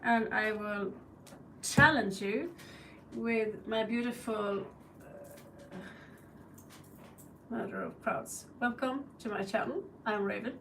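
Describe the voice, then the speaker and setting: In a gravelly, medium-pitched voice that sounds pushed and bright, a Norwegian woman runs a casual tarot live stream, speaking slowly with long pauses. She curses, laughs, and imitates crows throughout. Far from the mic, the low-quality recording has some hiss or hum.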